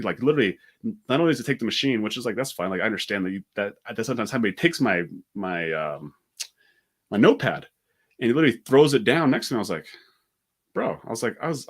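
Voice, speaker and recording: A man speaking in a somewhat low voice tells a story at a rapid clip during a relaxed podcast chat. He talks in an animated way and keeps slipping in fillers and restarts. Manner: fast, animated, many "like" fillers. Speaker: podcast co-host.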